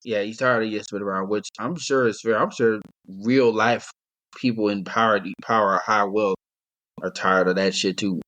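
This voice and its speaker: A man's voice: lowish voice, steady tone, moderate pace, fairly bright tone. A young man co-hosting a casual podcast, talking in a rambling, laid-back way and laughing often. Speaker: podcast co-host. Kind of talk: casual chat.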